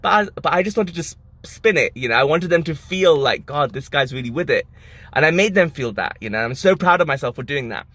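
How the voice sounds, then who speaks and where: Young man, quick animated vlog storyteller, amused, casual delivery. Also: fairly high pitch, no room sound. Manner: animated, amused, breaks into laughter. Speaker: vlogger.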